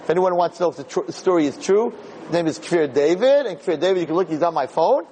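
A man's voice: on the high side, expressive, fast, mellow, slight background noise, low-quality recording. A middle-aged man, a rabbi and teacher, telling a story in a Torah talk, acting out the dialogue and repeating phrases.

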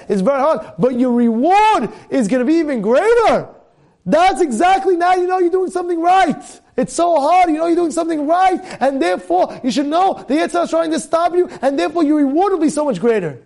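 A rabbi gives a fiery sermon in a strikingly high voice for a man. He circles back over his points again and again and rises into shouts when he urges his listeners on. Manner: impassioned, repetitive, bursts into shouting exhortation.

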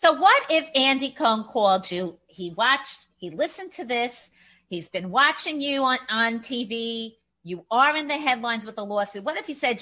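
A woman host with a slightly high voice sets up the topic and presses her guest with leading questions. She talks in long, running sentences. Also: animated, moderate pace, pushed and bright. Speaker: interviewer. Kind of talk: interview questions.

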